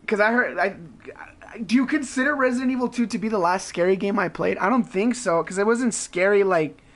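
High-voiced swearing gaming streamer guy. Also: normal speed, fairly bright tone. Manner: rambling, swears a lot, laughs often, says "like" constantly. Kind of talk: casual live-stream chat with viewers.

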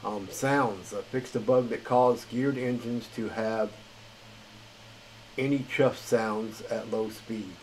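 A man's voice: on the low side, fairly even intonation, takes it slowly, slight background noise, poor audio. A man hosting a gaming channel, reading patch notes in a tired, rambling, casual way. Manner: rambling, filler-heavy, chuckles at himself. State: tired late at night.

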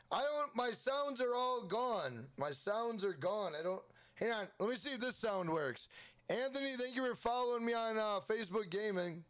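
Male game streamer, high voice, energetic chat shout-outs. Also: clean tone. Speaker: gaming livestream host. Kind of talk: casual livestream chat.

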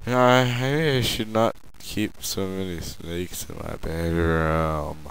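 Young guy rambling thru a comedy bit, slow drawl, lots of you know and like, gets loud sometimes. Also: sits low, steady tone, vocal fry, a little hiss or hum, poor audio. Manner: meandering, filler-heavy storytelling with sudden loud outbursts. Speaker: amateur comedian. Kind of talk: rambling sit-down comedy monologue.

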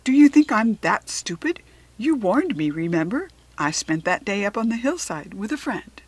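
A woman's voice: mid-range voice, sing-song, normal speed, darkish tone, husky. A woman voicing a cheeky magical male hare who talks in a breezy, offhand way.

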